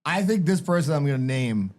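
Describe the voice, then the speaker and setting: A man's voice: on the high side, expressive, darkish tone. Upbeat man chatting on a podcast. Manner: enthusiastic, laughing, quick to agree. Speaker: podcast co-host. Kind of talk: casual chat.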